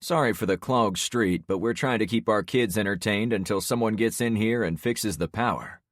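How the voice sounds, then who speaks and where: A man's voice: fairly low pitch, moderate pace, no room sound, clean studio sound, voice pushed up, close to an everyday voice. A man voicing a chatty middle-aged neighbor. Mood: friendly.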